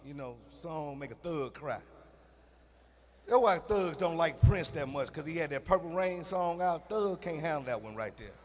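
A middle-aged man performing live stand-up on an arena stage, animated, breaking into singer impressions. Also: moderate pace, slight background noise. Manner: animated, mimics singers with falsetto and crooning. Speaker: stand-up comedian. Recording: live arena recording with long reverb.

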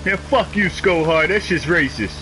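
This male game streamer, with a slightly high voice at a normal pace, trash-talks his way through live gameplay commentary that is loose, profane, and animated. The audio is poor, carrying a bit of hiss or hum.

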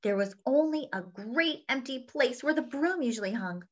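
Lively woman reading a children's story. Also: high voice, moderate pace, few pauses. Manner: lively, asks young listeners questions. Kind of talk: read-aloud storytelling for children. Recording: dull lo-fi sound.

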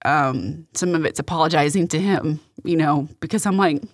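A middle-aged woman, a guest on a faith interview show, telling a personal story in a halting, earnest way with many restarts. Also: deep voice, no echo, clean studio sound.

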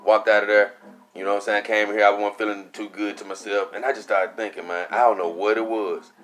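A young man casually telling a story for his vlog, animated and profane, acting out what he said at the time. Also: on the low side, fairly quick. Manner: animated, profane, acts out his own quotes. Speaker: vlogger.

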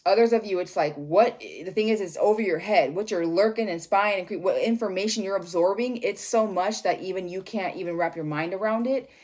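A woman giving a casual tarot reading, rambling and expressive and swearing freely. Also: mid-range voice, a little fast, few pauses. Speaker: tarot reader.

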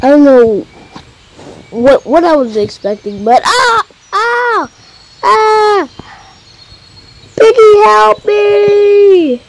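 A woman's voice: a little high, a little slow, long pauses, mellow, a little hiss or hum, close to an everyday voice. A woman voicing a whiny young boy who yelps and cries out in pain. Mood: panicky. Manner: yelping, shrieky cries of pain.

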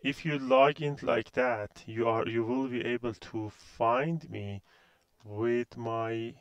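A man's voice: mid-range voice, fairly even intonation, slow, smooth, no echo. A man in his thirties from Iran with a Persian accent, a university instructor giving a recorded course introduction, hesitant and full of fillers.

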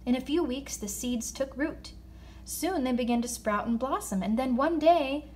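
A woman reads a children's folktale aloud. Her voice sits a little high, and she reads expressively, slowing down on key words. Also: slight background noise. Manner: expressive, slows down for emphasis. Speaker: narrator. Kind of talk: children's story read-aloud.

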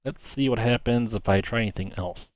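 A man giving quiet, musing game commentary as a let's player. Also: mid-range voice, a little fast, dry recording.

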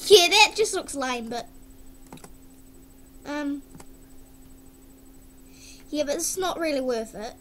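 Giggly high-voiced woman on webcam. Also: animated, slow, pauses often, a bit bright, slight background noise. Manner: giggly, exclaims often, hums and sings along. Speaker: vlogger. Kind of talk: casual webcam chatter.

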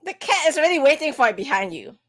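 A woman from Singapore co-hosting a casual stream, her voice lively and swinging up and down. She teases her partner with playful jabs. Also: sits high, quick pace. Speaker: co-host. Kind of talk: casual chat.

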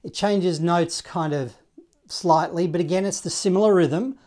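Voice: medium pitch, normal speed, a little mellow. A saxophone teacher giving a casual, encouraging online lesson, scatting note rhythms and counting in.

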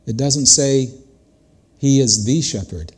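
Slow, earnest older male pastor. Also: medium pitch, breathy edge. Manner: earnest, conversational preaching. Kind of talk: sermon.

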